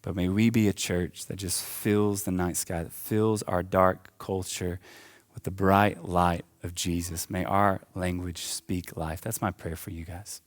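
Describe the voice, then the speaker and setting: A young man with a low voice preaches in a church, pushing his lines up with fervor. Between the peaks he slips into a loose, conversational storytelling tone. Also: little pitch movement, a little slow. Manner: impassioned, rising and falling preaching with casual asides. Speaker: pastor. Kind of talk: sermon. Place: church auditorium.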